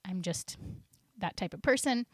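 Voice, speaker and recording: A woman's voice: medium pitch, animated, moderate pace, no room sound. A woman health coach in a solo podcast, talking in an upbeat, encouraging way and acting out her clients' voices.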